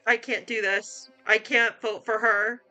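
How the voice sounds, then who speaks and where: High bright-voiced girl playing a game, slow and emotional, chatting to her viewers. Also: level tone, faint music behind. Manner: emotional, reacts aloud and talks to viewers. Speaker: let's play gamer.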